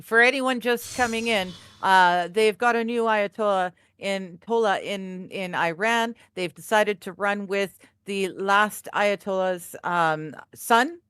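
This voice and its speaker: Slow-talking woman co-hosting a stream. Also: mid-range voice, a bit bright, clear, resonant tone, dry recording, clean studio sound. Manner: easygoing, laughs often. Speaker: stream co-host. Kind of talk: casual live-stream chat.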